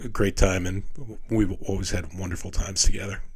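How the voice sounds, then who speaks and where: An older man giving a casual lecture as a retired architect, telling personal stories in a halting, rambling way with restarts. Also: low voice, flat delivery, breathy edge. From New York City. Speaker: retired architect teaching a class.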